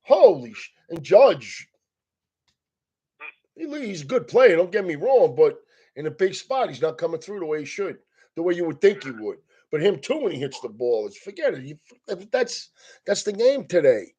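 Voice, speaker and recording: A man with a high, husky voice rants casually like a comedian. He swears constantly and laughs his way through his sentences. The delivery is loose, animated and profane. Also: moderate pace, highs cut off.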